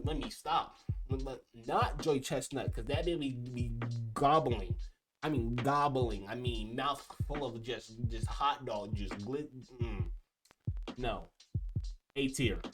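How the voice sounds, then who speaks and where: Rambling young man over background music. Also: medium pitch. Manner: rambling, trailing off and restarting. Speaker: video creator ranking food. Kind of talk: casual commentary. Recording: music playing behind.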